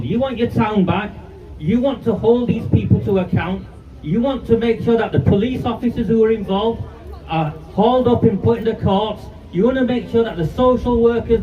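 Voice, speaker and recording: A man, giving an angry, defiant speech at a street protest. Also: high voice. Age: 50s. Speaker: campaigner speaking at a rally. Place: outdoor street rally. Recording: distant, muffled, noisy outdoor recording.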